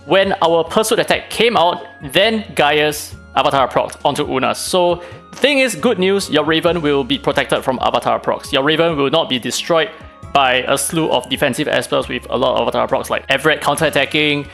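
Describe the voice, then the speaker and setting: A man hosts a game guide and breaks down tactics at a rapid clip. His voice sits a touch high for a man, and his delivery is casual and analytical. Soft music plays faintly behind him. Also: creaky. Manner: casual, analytical, fast-talking with fillers. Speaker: gaming channel host.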